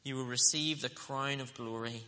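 Earnest preacher in a hall. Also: male voice, medium pitch, steady tone, sharp tone. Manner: earnest, emphatic, slows down on scripture quotes. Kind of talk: sermon.

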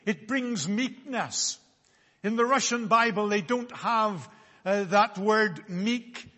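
A man preaching a sermon, speaking slowly and deliberately with solemn emphasis on key words. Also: high voice, a bit bright, long reverb tail.

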